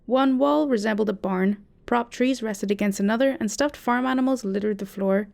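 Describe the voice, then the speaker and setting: A woman narrating a first-person horror story in a steady, dramatic storytelling manner. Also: a little high, vocal fry.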